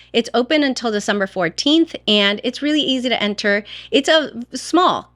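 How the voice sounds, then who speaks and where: A woman's voice: fairly high pitch, a bit bright. Chatty woman beauty vlogger. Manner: chatty, enthusiastic, with frequent fillers. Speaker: beauty YouTuber. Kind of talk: casual chat to camera.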